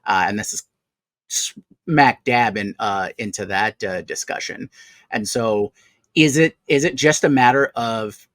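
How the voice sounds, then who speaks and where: A man's voice: fairly low pitch, a little slow, a bit bright, dry recording, rough recording. Man musing aloud on a podcast. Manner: thinks aloud with many fillers and restarts. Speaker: co-host. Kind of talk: casual chat.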